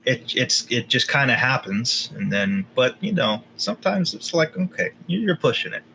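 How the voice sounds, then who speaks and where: A man's voice: mid-range voice, very animated, normal speed, vocal fry, bright, forceful tone, a little hiss or hum. A man co-hosting a podcast, teasing and explaining in casual chat with many restarts. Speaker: podcast co-host.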